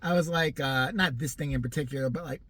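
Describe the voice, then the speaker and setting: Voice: mid-range voice, quick pace, a bit bright. A vlogger in their forties ranting comically, sarcastic and profane, often laughing. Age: 40s. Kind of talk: comic rant.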